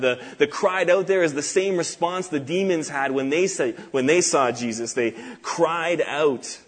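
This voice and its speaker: A man's voice: fairly high pitch, a little slow, hardly any pauses. Earnest male preacher reading scripture. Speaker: pastor. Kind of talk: sermon.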